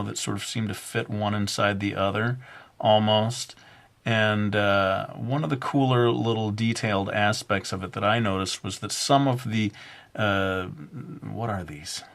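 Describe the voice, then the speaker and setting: A man narrating a drawing tutorial in a relaxed, rambling way, full of ums and uhs and self-deprecating jokes. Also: on the low side, gravelly. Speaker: drawing instructor.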